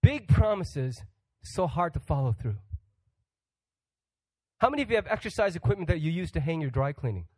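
A man's voice: on the high side, big pitch swings, moderate pace, long pauses, darkish tone, no room sound, low-quality recording. A man preaching a sermon as a guest pastor, joking with the congregation and putting questions to them. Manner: humorous, acts out quoted voices; asks the audience questions.

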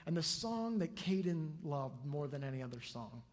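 A male pastor preaching a sermon to his congregation, telling stories with lively energy and acting out the people in them. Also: on the high side, normal speed. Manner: lively storytelling, acts out the people in his anecdotes. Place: church sanctuary before a congregation. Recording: long hall reverb.

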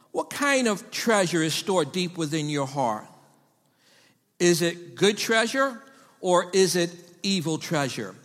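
A man preaching a sermon to his congregation, delivering it with emphasis and sometimes building to shouted call-and-response. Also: high voice, long reverb tail. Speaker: pastor.

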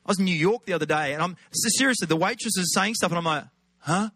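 A man's voice: sits high, very fast, pushed and bright, no room sound. A middle-aged Australian man giving a chatty, humorous sermon as a guest preacher. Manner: humorous, conversational, chatty asides.

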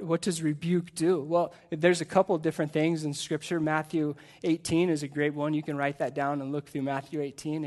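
Earnest and emphatic, this middle-aged man preaches from the pulpit into a microphone, his voice a little high. As a pastor, he keeps asking his congregation rhetorical questions.

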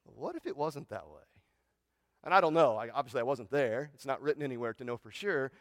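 A man preaching a sermon in a conversational way, often asking "right?" and repeating words, moving from hushed, reverent lines to loud, excited ones. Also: mid-range voice, fairly quick, no echo. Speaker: pastor.

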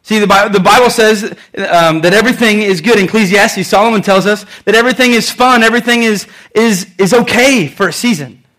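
High-voiced, emphatic preacher. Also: male voice, a little fast, hardly any pauses, fairly bright tone. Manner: emphatic, repetitive, conversational. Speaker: pastor. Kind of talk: sermon.

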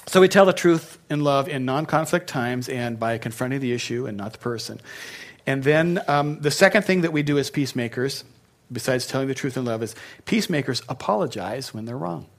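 A pastor delivers a sermon in a relaxed, conversational way, breaking off for joking asides. He speaks briskly at an ordinary middle pitch.

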